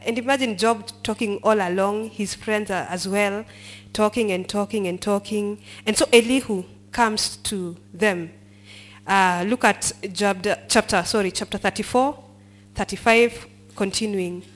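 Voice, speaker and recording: A woman's voice: mid-range voice, fairly even intonation, unhurried. A woman leading a Bible study, reading verses aloud and quizzing the group as she explains them. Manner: mixes English and Swahili, asks the group questions and prompts them to finish lines.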